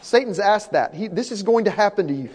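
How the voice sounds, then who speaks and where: A man's voice: sits high, animated, a little fast, darkish tone. A man preaching a sermon as pastor, earnest and repeating his key points for emphasis. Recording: long hall reverb.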